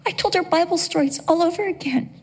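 A woman's voice: extremely high pitch, fast. A middle-aged woman preaching a sermon, telling a personal story in an earnest, emotional way.

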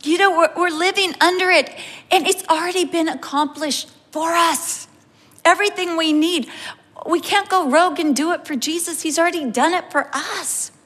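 High-voiced woman preaching in a hall. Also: normal speed. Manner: animated storytelling, acting out quotes. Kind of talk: sermon with personal story. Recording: reverberant hall.

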